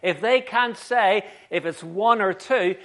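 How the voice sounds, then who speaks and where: A preacher voicing a smug doubter who mocks the scriptures. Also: male voice, sits high, slow pace, fairly bright tone. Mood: gloating. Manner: gloating, scornful. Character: smug male doubter mocking the Bible.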